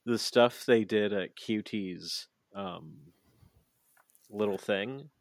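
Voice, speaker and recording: A man's voice: lowish voice, takes it slowly, vocal fry, dry recording. A man co-hosting a podcast in casual chat, swearing freely and rambling with lots of fillers. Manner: profane, rambling with many fillers. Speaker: podcast co-host.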